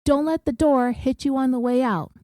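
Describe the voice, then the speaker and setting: A woman's voice: sits high, normal speed, dark tone, dry recording, voice pushed up, natural voice. A woman quoting an indignant woman bakery owner in a scolding, ranting tone.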